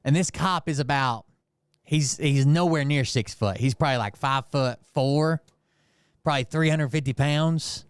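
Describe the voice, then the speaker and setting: Man, smooth resonant voice, dry close sound, rambling profane storyteller. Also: a little high, moderate pace, no echo. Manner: profane, rambling, heated retelling full of fillers. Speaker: channel host. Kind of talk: casual storytelling.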